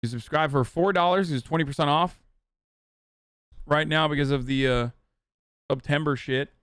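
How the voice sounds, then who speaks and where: A man's voice: on the high side, normal speed, a bit bright, smooth, no room sound. Blunt, profane male streamer. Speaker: streamer and political commentator. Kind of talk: live stream reaction commentary.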